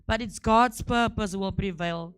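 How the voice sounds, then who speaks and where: A woman's voice: medium pitch, a little slow, clean tone, dry recording. A woman preaching a sermon, repeating key words and building to emphatic peaks.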